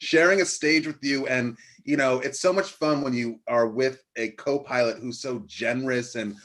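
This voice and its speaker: A man's voice: mid-range voice, fairly even intonation, normal speed, a bit bright. A man co-hosting a livestream, trading jokey banter with a guest. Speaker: podcast co-host. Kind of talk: casual livestream chat.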